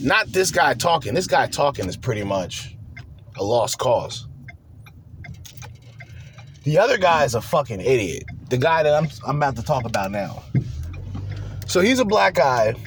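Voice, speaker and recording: A man's voice: mid-range voice, sing-song, a little slow, pauses often, fairly bright tone, slight background noise. A man hosting a podcast, ranting bluntly and profanely in slangy talk from his car. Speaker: podcast host.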